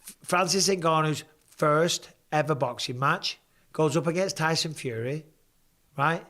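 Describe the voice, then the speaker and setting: A man's voice: on the high side, unhurried, bright, forceful tone. Tired man hosting a live reaction stream. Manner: blunt and chatty, swears freely, reads viewer comments aloud. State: tired after hours of talking. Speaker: host of a live fight watch-along stream.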